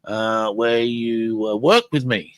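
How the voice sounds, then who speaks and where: Chatty rambling podcast host, dry sound. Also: male voice, fairly low pitch, slow, a bit bright, dry recording, rough recording. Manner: rambling, chatty, many fillers and restarts. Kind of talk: casual live podcast commentary.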